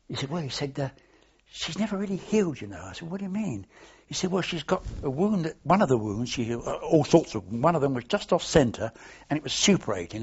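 With a husky, mid-range voice, an older war veteran tells anecdotes during an oral history interview, rambling and starting over as he goes. The recording is dull lo-fi archive tape.

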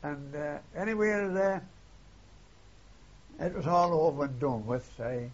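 A man's voice: a little high, measured pace. An older man recalling wartime events in an oral history interview, rambling and retelling old dialogue, often tagging "see?". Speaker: war veteran interviewee. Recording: dull lo-fi archive tape.

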